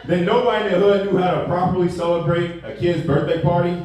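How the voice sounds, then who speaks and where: A man's voice: high voice, fairly even intonation, quick pace, darkish tone. A man doing stand-up comedy in a loose, slangy storytelling way. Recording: echoey room, distant mic, background noise.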